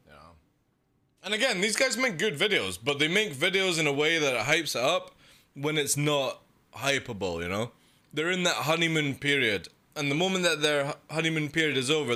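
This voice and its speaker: A young man rants live on a game stream, cursing freely. His voice sits a little high and sounds bright and forceful, and his pitch leaps all over as he mocks others in quick put-on voices. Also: sing-song. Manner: profane, ranting, mocking with quick put-on voices. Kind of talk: casual live-stream rant.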